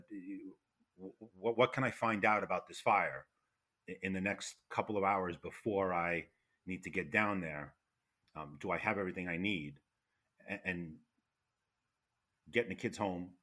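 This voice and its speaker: A man with a New York accent, a retired fire investigator telling stories in a loud, animated way with many restarts. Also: deep voice. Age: older. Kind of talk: casual interview.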